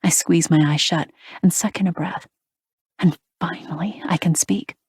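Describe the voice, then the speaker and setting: A woman narrating a first-person romance audiobook in a breathy, half-whispered, intimate way, close to the mic. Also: lowish voice, fairly even intonation, moderate pace, a little mellow, no echo.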